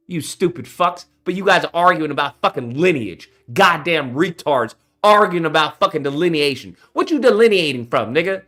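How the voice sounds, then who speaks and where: A man's voice: high-pitched, very animated, brisk, fairly bright tone, faint music behind. A man hosting his own channel, delivering a heated, profane, confrontational rant straight to his audience. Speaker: channel host. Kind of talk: ranting commentary to camera.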